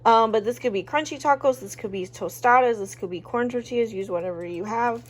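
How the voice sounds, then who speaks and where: A woman casually chatting through a home cooking vlog in her kitchen, relaxed and joking, with plenty of ums. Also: fairly high pitch, a little fast. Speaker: cooking vlogger.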